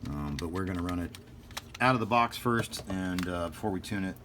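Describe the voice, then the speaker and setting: A man's voice: low-pitched, lively intonation, fairly quick, background noise. A man hosting a casual hobby vlog about slot cars, talking in a joking, rambling, self-deprecating way. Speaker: host of a slot car channel.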